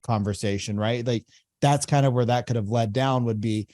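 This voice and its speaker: A man's voice: medium pitch, steady tone, moderate pace, a little mellow, no room sound, studio quality. A man hosting a podcast, explaining sales-call technique in a coaching tone and often asking "right?". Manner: explanatory, repeats phrases, frequent "right?". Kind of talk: coaching commentary.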